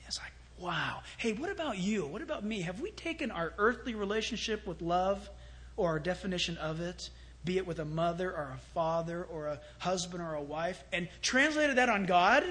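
A man preaching a sermon as pastor, animated, swinging from loud exclamations to hushed storytelling. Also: high voice, brisk.

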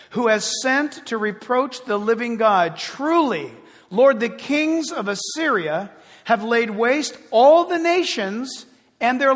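High-voiced preacher in a reverberant hall. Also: male voice. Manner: reads verses slowly, breaks in with excited asides. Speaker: pastor. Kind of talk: sermon reading scripture with commentary.

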